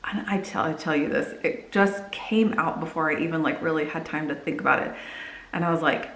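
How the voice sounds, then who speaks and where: A young woman vlogger chatting casually to camera, telling stories in a lively way. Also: low-pitched, a little fast. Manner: chatty storytelling, lively when quoting. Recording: echoey room.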